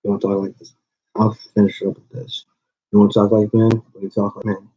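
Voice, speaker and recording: This wrestling-channel owner speaks fairly low and in a monotone, a little fast, with a warm, breathy tone. He's calling out a rival in a confrontational, meandering rant full of restarts, captured on dull lo-fi audio.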